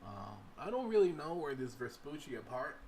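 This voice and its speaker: A man hosts a relaxed screen-share tutorial on game modding as a gaming livestream host, rambling while he works and speaking straight to viewers, pushing them to try things on their own. His mid-range voice is very animated and a little mellow, at a moderate pace, with a slight hiss or hum in the background.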